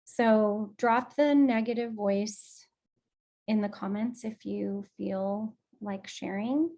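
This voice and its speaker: Slow, gentle woman guiding a group. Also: medium pitch, steady tone. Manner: gentle, affectionate, encouraging. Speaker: group session facilitator. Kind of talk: guided emotional release session. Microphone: video call.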